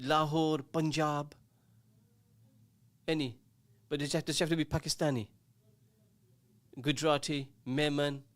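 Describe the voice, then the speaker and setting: A man's voice: fairly high pitch, no echo. A man hosting a community radio call-in show, teasing listeners and reading out their messages in a casual, jokey way. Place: radio studio.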